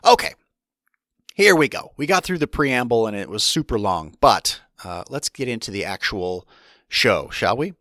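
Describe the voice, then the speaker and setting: A man's voice: medium pitch, lively intonation, normal speed, fairly bright tone, no echo, studio quality. A man hosting his own podcast alone, talking casually and candidly with many restarts and asides. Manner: rambling, restarts often, candid. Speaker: podcast host. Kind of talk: solo podcast monologue.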